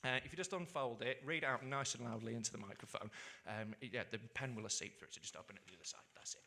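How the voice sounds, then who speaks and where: A young adult man from the UK doing stand-up comedy. He is sweary and animated and keeps checking in with "right?". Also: medium pitch, fast talker, creaky. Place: stage before a live audience.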